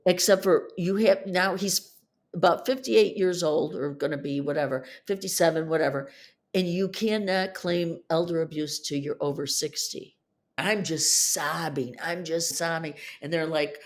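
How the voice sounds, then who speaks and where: Woman, fifties, podcast guest recounting her divorce, lively and emotional, pitch jumps up when upset. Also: unhurried. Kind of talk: emotional personal storytelling.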